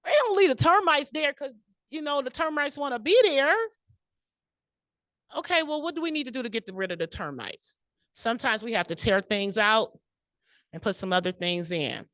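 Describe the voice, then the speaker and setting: A woman's voice: high-pitched, animated, moderate pace, a bit bright, dry recording. Emotional woman giving a club speech. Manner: personal, laughing often, emotional. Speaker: club speaker. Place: meeting room.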